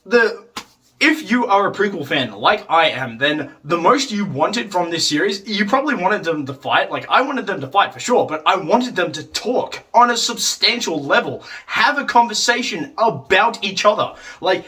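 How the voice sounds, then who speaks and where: A man with a high, bright voice talks through a casual review, rambling and peppering his sentences with "like" and the odd swear word. He sounds somewhat distant from the microphone. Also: expressive, normal speed. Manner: rambling, heavy use of "like", swears, acts out quotes. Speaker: video reviewer.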